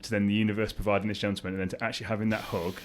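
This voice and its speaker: A man's voice: lowish voice, flat delivery, rapid-fire. A man hosting a podcast interview, empathetic and openly emotional with his guest. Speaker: podcast host.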